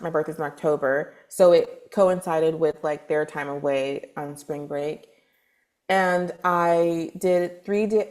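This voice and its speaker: A deep-voiced woman from Texas, USA, appears as a spiritual advisor guest on a podcast. She tells her story in a chatty, lively way, filling her speech with lots of fillers.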